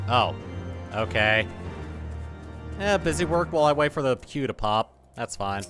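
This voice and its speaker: A man's voice: medium pitch, expressive, measured pace, long pauses, over music. A man streaming a video game, chatting casually and thinking aloud as he plays. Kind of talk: casual live-stream commentary.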